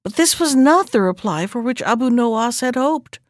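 ऊँची आवाज़ वाली कहानी सुनाने वाली महिला. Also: female voice, on the high side, expressive, normal speed, no room sound, studio quality. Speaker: reader. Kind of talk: storybook narration.

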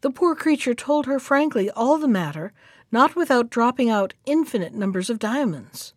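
A woman storyteller reading a fairy tale aloud in a measured, clear way. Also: fairly high pitch, expressive, dry recording, clean studio sound. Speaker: storyteller and podcast host.

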